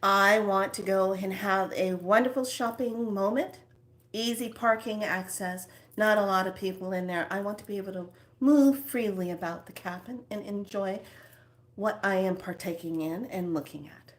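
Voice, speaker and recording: A woman giving a spiritual motivational talk to her viewers, slipping between soft whispered phrases and lively acted asides. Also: mid-range voice, normal speed. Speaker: spiritual self-help speaker.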